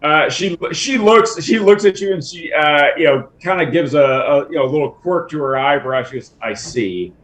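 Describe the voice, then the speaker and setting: A man narrating a tabletop game as game master, halting with frequent restarts and chuckles. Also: on the high side, a bit bright.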